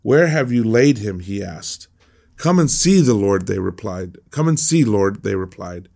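A man's voice: lowish voice, very animated, a little slow, creaky, a little mellow. A male pastor reading a passage of scripture and explaining it in an informal devotional, often repeating words as he restarts a thought. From United States. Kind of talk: devotional Bible teaching.

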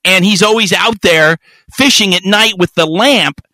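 A man co-hosting a podcast, telling a profane, animated story in casual chat. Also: high-pitched, measured pace, dry recording. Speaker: podcast co-host.

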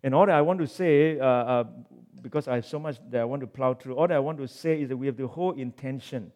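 A man preaching a sermon, reading scripture aloud and swinging between forceful emphasis and quiet asides, with rhetorical questions to the congregation. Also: mid-range voice, fast. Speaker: pastor.

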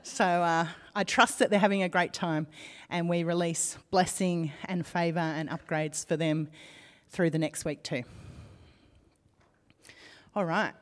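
A woman's voice: lowish voice, steady tone, measured pace. Australian woman preacher in a hall. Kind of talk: sermon. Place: large church auditorium. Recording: long church hall reverb.

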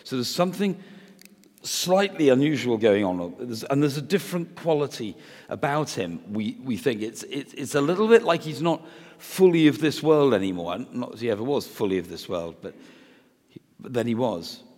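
Male preacher, mid-pitched, chatty and animated, hall reverb behind him. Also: moderate pace. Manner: chatty and animated, with playful asides and restarts. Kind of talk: conversational sermon.

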